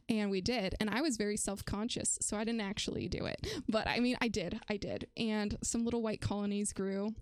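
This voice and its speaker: A woman's voice: on the high side, moderate pace, few pauses, smooth, no room sound. Bubbly, giggly young woman streamer. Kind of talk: casual live-stream chat. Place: home room.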